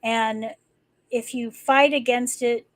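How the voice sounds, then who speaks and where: A woman's voice: a little high, fairly even intonation, slow, no room sound, low-quality recording. A woman hosting a live stream, talking casually and rambling, with many restarts and fillers. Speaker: livestream host. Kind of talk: casual spoken talk.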